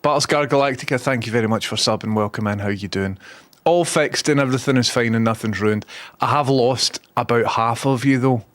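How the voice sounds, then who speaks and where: A man's voice: mid-range voice, fairly quick, a bit bright. Sweary Scottish man chatting on stream. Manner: chatty, swears freely, self-mocking. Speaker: livestream host. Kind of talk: casual livestream chat.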